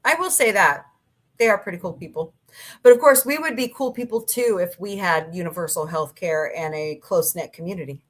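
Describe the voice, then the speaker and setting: A woman's voice: fairly low pitch, brisk. A middle-aged woman hosting a casual livestream, chatting and rambling through stories with her live chat. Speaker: livestream host.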